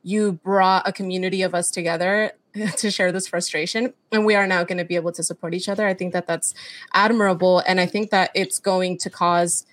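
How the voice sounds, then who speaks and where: A woman's voice: lowish voice, fairly even intonation, brisk, slight background noise. A woman co-hosting a podcast, chatting enthusiastically and casually. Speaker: podcast co-host.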